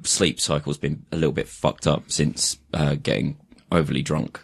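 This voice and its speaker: A man's voice: a bass voice, level tone, moderate pace, vocal fry, husky. A young man from Kent co-hosting a podcast, chatting casually with a self-mocking, laughing manner. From Kent, England. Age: young adult. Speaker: podcast co-host. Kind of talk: casual chat.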